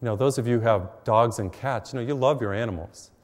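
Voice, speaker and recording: A middle-aged priest preaches in a relaxed, conversational way, weaving homely personal stories into his sermon. His voice sits at an ordinary middle pitch for a man. The sound carries a long reverb from the church around him. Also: quick pace. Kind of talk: televised sermon. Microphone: mic while facing cameras.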